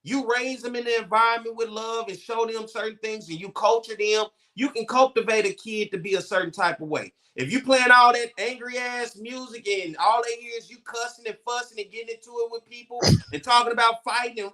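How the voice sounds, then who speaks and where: Male co-host, high and bright, blunt, profane storyteller in casual podcast chat. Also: normal speed.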